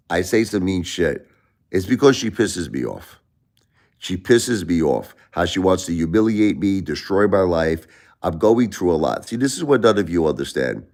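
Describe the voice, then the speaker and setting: A middle-aged man vents to his live-stream audience. His voice sits very low, and he circles back over the same points with stammering restarts. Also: darkish tone. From Brooklyn, New York. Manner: ranting, repetitive, stammering restarts. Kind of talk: casual live-stream rant.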